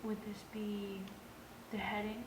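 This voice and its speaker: A woman student answering reading questions softly and hesitantly. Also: mid-range voice, slow pace, a crowd in the background. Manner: soft, hesitant, flat. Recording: distant, echoey, with noise.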